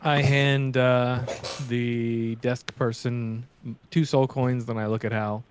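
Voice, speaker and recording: Male player, dry joker, middle pitch, light hiss on the line. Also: level tone, takes it slowly. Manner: dry, joking, matter-of-fact. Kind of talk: playing a character in a tabletop game.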